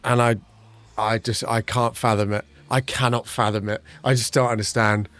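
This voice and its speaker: A young man chatting casually with his livestream chat, talking fast and swearing, with his pitch jumping up whenever he quotes someone. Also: flat delivery, fairly bright tone. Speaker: streamer.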